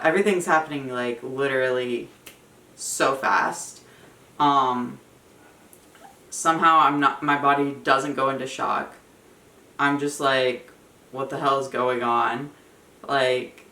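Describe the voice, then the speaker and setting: Young woman, casual vlog storyteller, chatty with lots of fillers; bright tone, echoey room. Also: very deep voice, distant mic. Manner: chatty, fillers of "like", emotional retelling. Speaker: vlogger. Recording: echoey room, voice a bit off-mic.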